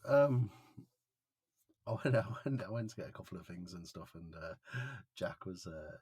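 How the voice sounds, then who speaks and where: A man's voice: low voice, lively intonation, normal speed, darkish tone, slightly rough, no echo. A man co-hosting a podcast, telling stories hesitantly with many restarts. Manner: hesitant, restarts often, acts out quotes. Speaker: podcast co-host. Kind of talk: casual chat, storytelling.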